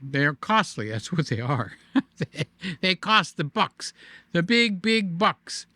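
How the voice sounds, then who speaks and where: A middle-aged man hosts a casual vlog, talking animatedly to camera, joking and repeating himself. His voice is a little high and bright, forceful, slow, with big pitch swings. He uses a desk microphone, and there is no echo.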